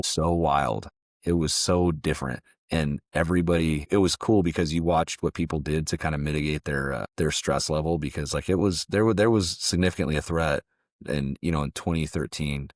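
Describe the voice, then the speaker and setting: A former security contractor from Southern California tells stories as a guest in a casual interview, loose and conversational with frequent restarts. He has a bass voice, captured in a dry, clean studio recording.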